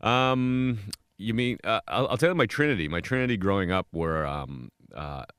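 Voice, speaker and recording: A comedian answering interview questions casually, hesitating and thinking aloud. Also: male voice, on the low side, expressive, normal speed, fairly bright tone, clear, resonant tone, no echo, studio quality.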